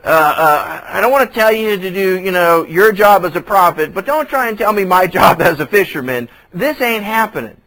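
A man's voice: sits high, animated, moderate pace, few pauses, bright, forceful tone, full character voice, poor audio. A male pastor voicing a weary, blunt fisherman in plain, grumbling everyday speech. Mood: grudging. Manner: casual, grumbling, plain-spoken.

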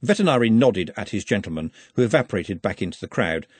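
A man narrating a comic novel as an audiobook, reading in a lively, expressive way. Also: on the low side, quick pace, slightly rough, no echo. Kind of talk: scripted narration.

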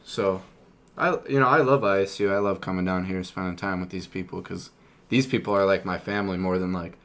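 Laid-back profane young man, low voice. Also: fairly even intonation, a little fast, fairly bright tone. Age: young adult. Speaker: recurring guest. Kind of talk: casual chat.

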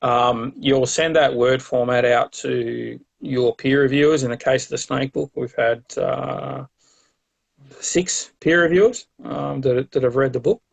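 Gravelly Australian man telling a rambling story. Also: medium pitch, fairly even intonation, unhurried. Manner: rambling, many fillers and restarts. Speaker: guest, herpetologist and author. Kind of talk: casual interview storytelling.

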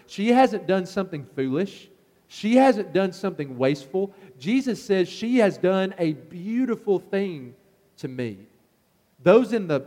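High-voiced preacher in an echoing hall. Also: male voice. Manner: animated, acts out the scolding crowd's lines. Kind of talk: sermon. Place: church sanctuary. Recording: long church hall reverb.

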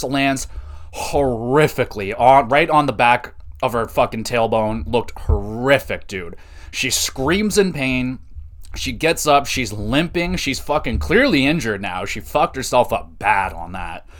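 A man hosting a podcast, recapping a wrestling show in a casual, sarcastic way, swearing often and getting excitable. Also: medium pitch. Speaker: podcast host.

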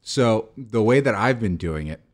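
A man's voice: on the low side, expressive, normal speed. A young man co-hosting a podcast, chatting casually in a rambling, profane way with lots of restarts and fillers. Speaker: podcast co-host. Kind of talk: casual chat.

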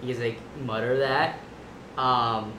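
A man's voice: mid-range voice, steady tone, takes it slowly, pushed and bright, a little hiss or hum. A man playing a tabletop game, speaking hesitantly with many fillers. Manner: hesitant, then laughing. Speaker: player. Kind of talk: casual tabletop chat. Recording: roomy echo.

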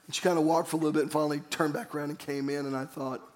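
A man's voice: a little high, level tone, rapid-fire. A man pastor preaching a sermon, earnest and storytelling, calling on the congregation to repeat phrases after him.

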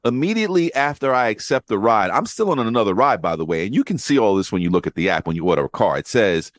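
Man, lively pitch, dry close sound, swearing raconteur host. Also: quick pace, no echo. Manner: animated, profane, acts out quoted voices. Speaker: podcast host telling rideshare driver stories. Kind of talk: casual storytelling chat.

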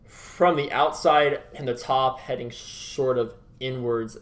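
A man's voice: mid-range voice, fairly even intonation, takes it slowly. A man hosting a casual chat about starting a business, swearing often and acting out what he said. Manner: casual, swears a lot, quotes himself. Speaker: host and business co-founder.

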